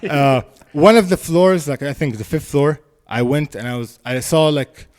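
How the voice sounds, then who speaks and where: A man telling a story in casual podcast chat, animated and laughing, acting out voices. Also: fairly high pitch, normal speed.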